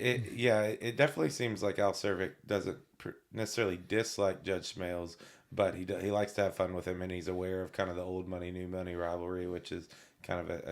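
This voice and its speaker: Low-voiced male co-host, chatty. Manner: chatty, recaps scenes with stumbles and light humor. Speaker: podcast co-host, attorney. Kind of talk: casual legal discussion.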